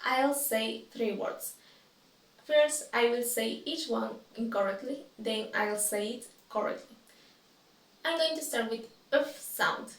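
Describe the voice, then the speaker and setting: A woman student saying practice words very slowly and deliberately, each one twice. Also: a little high. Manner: very slow, deliberate repetition of words. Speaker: student presenter. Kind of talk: pronunciation practice recitation. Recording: echoey room, distant mic.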